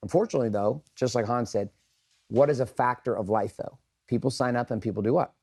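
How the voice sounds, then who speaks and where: A man's voice: medium pitch, fast, a little mellow, slightly rough. A middle-aged man speaks candidly to a group in a mid-range voice. His talk is earnest and peppered with swearing. He keeps turning to the room with questions and asking for raised hands. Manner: blunt, profane and earnest. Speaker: speaker leading a group session.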